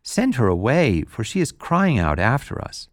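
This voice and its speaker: A man's voice: mid-range voice, huge pitch swings, normal speed, no room sound, clean studio sound, pitched above the performer's own voice. A man reading scripture aloud, voicing a group of puzzled male followers asking questions. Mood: questioning.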